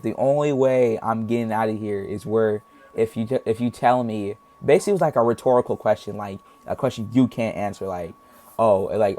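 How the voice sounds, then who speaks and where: A man's voice: mid-range voice, a little mellow. A young man telling a casual storytime, rambling with lots of slang and acting out what people said. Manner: rambling, heavy slang, acts out voices. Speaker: storytime vlogger.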